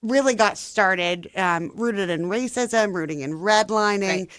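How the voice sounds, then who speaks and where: A woman's voice: medium pitch, unhurried, fairly bright tone, no echo, clean studio sound. A woman guest on a radio show, talking earnestly and with enthusiasm, a solutions-minded speaker. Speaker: guest, housing nonprofit leader. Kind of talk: casual radio interview. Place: radio studio.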